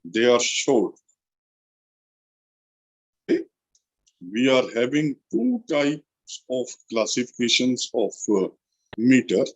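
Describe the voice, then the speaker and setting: Slow, emphatic Indian English lecturer. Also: male voice, mid-range voice, sing-song. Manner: slow, deliberate, repeats key terms for emphasis. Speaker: college lecturer. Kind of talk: recorded literature lecture.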